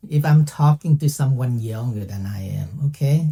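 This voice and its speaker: A man's voice: fairly high pitch, animated, normal speed, hardly any pauses, mellow, husky. A man teaching a casual language lesson, chatty and playful, often checking in with "okay?". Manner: playful, laughs at own jokes.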